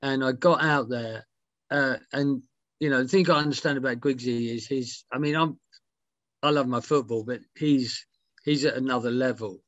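A middle-aged man on a video call, telling animated anecdotes as an interview guest, swearing casually and acting out quotes. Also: mid-range voice, normal speed, dry recording, lo-fi sound. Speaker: interview guest, music writer.

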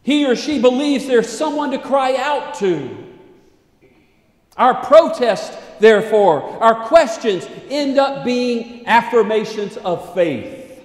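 A male pastor preaching a sermon in a dramatic way, swinging between loud declaiming and hushed asides. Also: very high-pitched, lively intonation, slow. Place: church sanctuary. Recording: echoey church sanctuary with long reverb.

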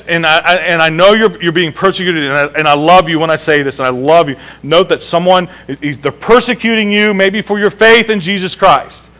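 A man's voice: high-pitched, pushed and bright, poor audio. A male pastor preaching a sermon in a church, emphatic and repeating key phrases, asking the congregation questions. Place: church sanctuary.

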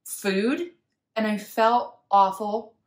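A woman's voice: medium pitch, extremely slow. A young woman vlogger candidly telling her own story, reflective and open, acting out what she told herself and others. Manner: candid, reflective, retells inner talk and dialogue. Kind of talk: personal storytelling vlog.

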